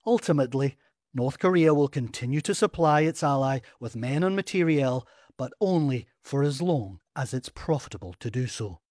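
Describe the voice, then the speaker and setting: A man delivers a serious news report at a steady, grave pace. His mid-pitched voice is dry and close, with no echo. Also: normal speed. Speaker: foreign correspondent. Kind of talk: scripted news report narration.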